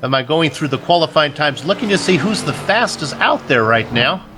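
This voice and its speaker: A man with a slightly higher voice doing conversational sim racing commentary and asking his partner questions. Steady noise sits clearly under his voice. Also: moderate pace. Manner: conversational, asks co-host questions. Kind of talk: race broadcast commentary.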